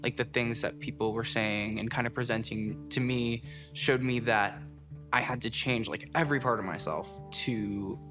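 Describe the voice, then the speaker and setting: A young man speaks in a reflective, searching way during an interview. Guitar music plays clearly underneath his voice. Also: mid-range voice, fairly even intonation, normal speed. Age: young adult.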